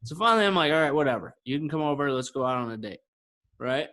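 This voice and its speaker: Animated storytelling man, a bit high. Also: fast talker. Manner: animated storyteller who acts out quoted dialogue. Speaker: podcast co-host telling a personal story. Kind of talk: casual podcast chat.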